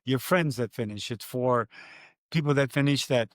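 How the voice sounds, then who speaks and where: An older man, a former race announcer, telling stories in an interview and acting out his own loud calls. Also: mid-range voice, moderate pace, no echo, clean studio sound. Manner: animated storyteller, acts out his own calls loudly. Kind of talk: conversational storytelling interview.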